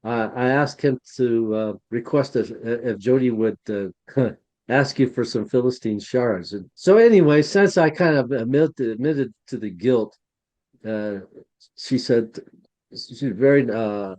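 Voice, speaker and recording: A man's voice: medium pitch, a little slow, a little mellow. A man co-hosting a podcast, telling a chatty, rambling story and acting out the dialogue. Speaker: podcast co-host, museum curator. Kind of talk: anecdotal storytelling.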